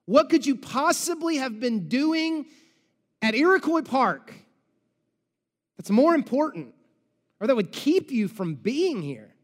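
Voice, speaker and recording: A man's voice: very high voice, big pitch swings, takes it slowly, pauses often, in a large hall, pitched above the performer's own voice, full character voice. A man voicing a feisty, frustrated grieving woman who fires indignant, pleading questions. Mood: upset.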